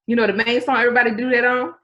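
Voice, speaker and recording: A woman's voice: a little high, little pitch movement, racing, a bit bright, dull audio. A woman co-hosting a podcast in casual chat, explaining things at length and breaking into bits of song. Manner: explains things at length, sings snatches of songs. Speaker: podcast co-host.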